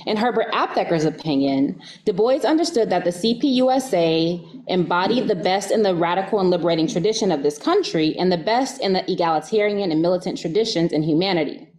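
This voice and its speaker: American woman, lower voice, academic lecturer, earnest with light laughs. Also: lively intonation, fairly quick, few pauses, a little mellow. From United States. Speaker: guest lecturer.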